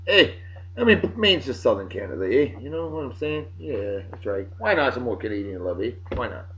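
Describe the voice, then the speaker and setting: A man from Massachusetts, running through historical events of the day in a loud, jokey, opinionated way. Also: medium pitch, big pitch swings, a little fast, muffled recording, noisy background. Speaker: video blogger. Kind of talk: casual daily history rundown.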